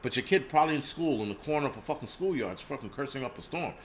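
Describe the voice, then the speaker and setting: A man's voice: medium pitch, expressive, very fast, slight background noise. A man from the United States hosting his own channel, talking bluntly in a profane, rambling rant. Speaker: channel host. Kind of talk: casual livestream rant.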